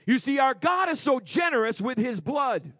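High-voiced shouting male preacher. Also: big pitch swings, normal speed, dry recording, studio quality. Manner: emphatic, swings between shouting and quiet asides. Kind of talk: sermon. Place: church before a congregation.

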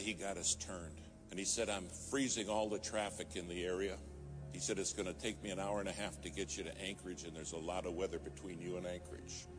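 A man preaching a sermon, telling a story and rising to fervent emphasis. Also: low-pitched. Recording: music playing behind.

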